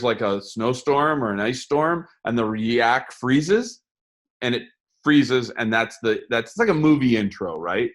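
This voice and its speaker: A middle-aged man, a game designer being interviewed, telling stories in an animated way and often restarting his words. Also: medium pitch. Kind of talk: storytelling interview talk.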